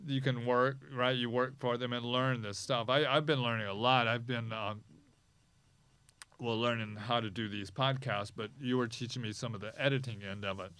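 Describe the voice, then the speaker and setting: A man hosting a podcast, talking in a rambling, halting way, hoarse and losing his voice, in a small podcast studio. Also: mid-range voice, fairly even intonation, a bit bright, no echo. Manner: rambling, halting, with many restarts. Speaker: podcast host. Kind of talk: casual chat.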